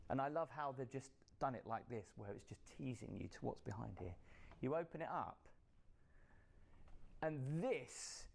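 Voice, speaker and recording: A man's voice: medium pitch, a little mellow. A British man streaming a casual tour, chatty and marveling at what he finds. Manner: wide-eyed, marveling, chatty. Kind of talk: casual touring commentary.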